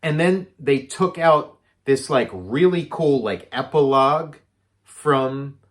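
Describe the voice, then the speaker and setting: A man's voice: mid-range voice, takes it slowly. A man co-hosting a casual chat about movies, rambling with lots of filler words. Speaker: podcast co-host.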